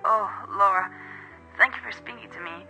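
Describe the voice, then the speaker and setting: A man's voice: sits high, normal speed, gravelly, bright, forceful tone, faint music behind, exaggerated voice, poor audio. A man voicing a remorseful middle-aged mother who pleads tearfully down the phone, in a told horror story. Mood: pleading. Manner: pleading, distraught. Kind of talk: storytelling narration.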